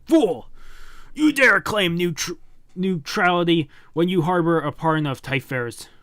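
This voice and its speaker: A menacing gang boss barking scornful declarations, as a man reads him aloud. The delivery is slow and heavy, in a dry, close room. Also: medium pitch, fairly even intonation, clear, resonant tone, dry recording, lightly acted. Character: menacing male gang leader, arrogant and scornful.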